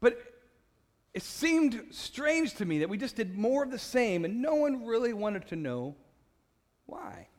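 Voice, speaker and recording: Passionate, loud man with a high voice, sharing a personal testimony with a laugh at himself. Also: unhurried. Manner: animated storyteller, laughs at himself, stumbling repeats; passionate and loud by his own account. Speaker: speaker sharing his faith testimony.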